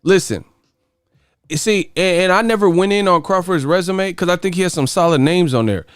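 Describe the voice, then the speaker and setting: A man's voice: sits high, brisk, smooth, no room sound, studio quality. A man hosting a boxing channel, reacting to his chat in casual, profane, laughing riffs. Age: adult. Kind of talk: casual livestream commentary on chat.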